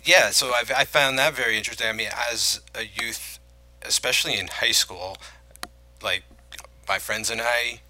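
A man's voice: medium pitch, normal speed, sharp tone, low-quality recording. A man co-hosting a podcast, chatting casually about movies and rambling with many restarts. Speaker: podcast co-host. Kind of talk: casual film-talk chat.

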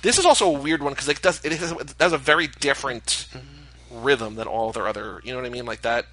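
Guy chatting casually and running through old rap lyrics, bright crisp voice, upbeat. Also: mid-range voice, fast talker. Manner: leads the bits, upbeat and chatty.

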